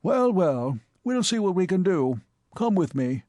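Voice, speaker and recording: In an audiobook, a male narrator voices a genial, pompous elderly uncle, a titled gentleman who is fussy and self-satisfied and beams over everyone's business. The voice rides high and swoops around with hearty emphasis, very animated yet unhurried. The recording is close and dry, with no room sound.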